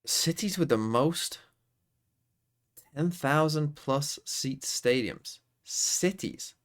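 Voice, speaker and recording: A man's voice: on the high side, expressive, very slow. A young man streaming live, muttering and swearing his way through geography quiz guesses. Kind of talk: casual live-stream commentary while playing quiz games.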